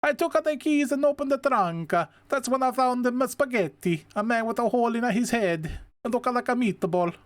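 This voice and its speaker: A man puts on a goofy cop with a heavy, overdone Italian accent, pushed far up in pitch and swinging through a wide, lively range. Every line comes out hammy and exaggerated, like a comic video game character. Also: moderate pace. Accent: put-on heavy Italian. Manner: hammy, high and exaggerated, food puns. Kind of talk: reading game dialogue aloud in a voice.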